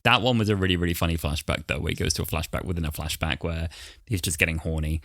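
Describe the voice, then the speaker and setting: A man's voice: low-pitched, fairly even intonation, quick pace, a bit bright, no echo, clean studio sound. A man in his twenties co-hosting a podcast, talking casually in a thoughtful, rambling way. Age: 20s. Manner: thoughtful, rambling, hedges with "kind of". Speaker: podcast co-host. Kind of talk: casual chat.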